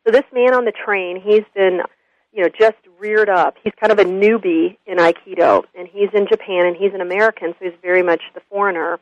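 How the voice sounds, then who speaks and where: A woman guest telling a story in an earnest, animated interview. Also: fairly low pitch, a little fast, no room sound. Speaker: guest, school consultant. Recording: dull lo-fi radio audio.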